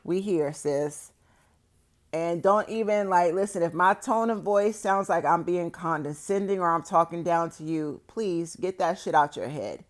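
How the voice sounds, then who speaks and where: A woman's voice: lowish voice, unhurried. Blunt, profane woman giving big-sister advice. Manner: loud and heated when stressing warnings. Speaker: vlogger and support group organizer. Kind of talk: blunt advice talk to viewers.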